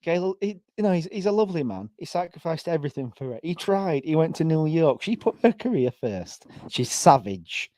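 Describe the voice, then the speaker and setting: A man's voice: a little high, animated, fairly quick, few pauses, dark tone, no echo. A man with a Yorkshire accent from England, a guest in a casual live reaction chat, chatty, giggly and opinionated. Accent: Yorkshire (Sheffield). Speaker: guest co-host.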